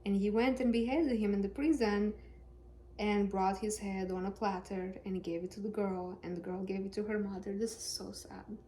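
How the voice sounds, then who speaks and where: A woman's voice: mid-range voice, steady tone, moderate pace, warm tone, slight background noise. A woman reading scripture aloud with casual, sarcastic, joking commentary. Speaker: Bible reader and commentator.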